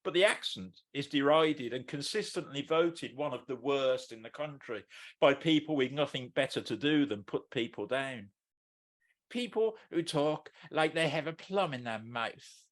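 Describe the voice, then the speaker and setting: A man's voice: medium pitch, expressive, unhurried, fairly bright tone. A man from Birmingham with a Birmingham accent, reading his own spoken-word poem in a wry, blunt way with mocking asides. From Birmingham, England. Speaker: poet.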